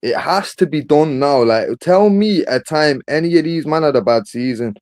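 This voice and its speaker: A man holds forth in a casual football debate, pressing his point hard and peppering it with "bro". His voice sits a little high but comes out dark and mellow. The sound is dry and close. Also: lively intonation, normal speed, no room sound. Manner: emphatic, argumentative, says bro a lot. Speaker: football podcast host.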